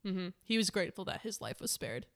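A woman's voice: medium pitch, very animated, brisk, gravelly, fairly bright tone. A woman chatting casually and enthusiastically about a film with a friend, laughing often.

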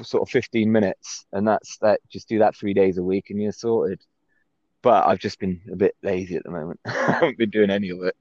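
A man from England with a West Country accent, a guest on a casual call-in chat, easygoing and quick to laugh. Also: on the low side, darkish tone, no echo, highs cut off. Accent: English, West Country.

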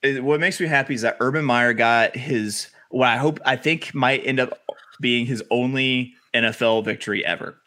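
Joking, bright-voiced sports podcast co-host. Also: male voice, medium pitch, moderate pace. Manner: joking, riffing with crude humor. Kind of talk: casual sports chat.

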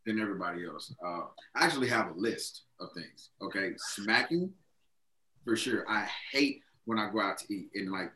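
A man's voice: fairly low pitch, normal speed, echoey room, poor audio. A young man co-hosting a podcast, telling stories in casual chat, slangy and swearing freely. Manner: animated storyteller, swears a lot, slangy. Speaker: podcast co-host.

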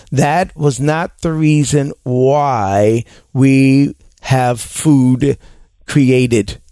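A man hosting a casual advice talk show, talking in an animated way and slipping into exaggerated impressions of people. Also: mid-range voice, very slow, no echo, clean studio sound.

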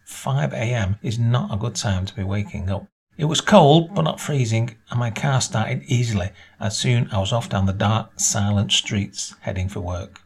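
A man reading a short story aloud as narrator, in a measured storytelling manner. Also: husky. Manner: measured storytelling, voices dialogue with small pitch lifts.

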